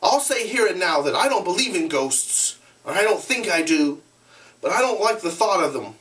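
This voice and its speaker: A man's voice: high-pitched, lively intonation, moderate pace, a bit bright, recorded from a distance, pitched above the performer's own voice. An earnest boy leader, raised and urgent as he tries to hold things together, as a man reads him aloud. His tone swings up and down with his worry. The voice sits a little back from the mic. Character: earnest boy leader, worried and trying to keep order.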